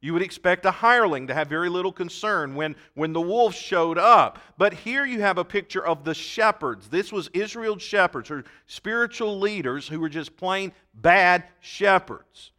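A man delivers a sermon in a high, bright voice. He reads scripture aloud and then stresses the key words emphatically, now and then restarting a phrase. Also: expressive, moderate pace, few pauses. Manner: occasional restarts and fillers. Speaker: pastor.

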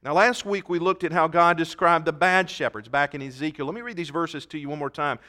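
Bright-voiced emphatic male preacher. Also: on the high side, a little fast. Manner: emphatic preaching, reading scripture aloud; occasional restarts and fillers. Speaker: pastor. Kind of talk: sermon.

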